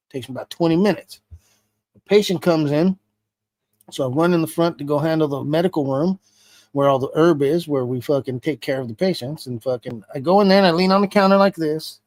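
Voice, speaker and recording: A man's voice: on the high side, dry recording. A man being interviewed, telling a story casually with heavy swearing. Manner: profane, animated retelling with heavy swearing. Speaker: interview guest.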